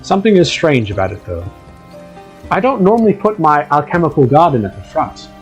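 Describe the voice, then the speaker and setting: A man's voice: a little high, very animated, brisk, faint music behind. A man voicing a talking goat who is a wizard, musing in a chatty, offhand way.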